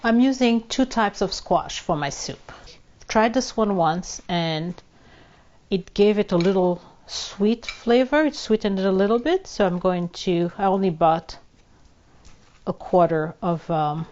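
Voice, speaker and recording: Woman, home cooking host, unhurried and chatty, slips into French; muffled kitchen audio. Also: medium pitch, darkish tone. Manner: chatty, narrates each step, drops into French. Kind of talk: casual cooking demonstration.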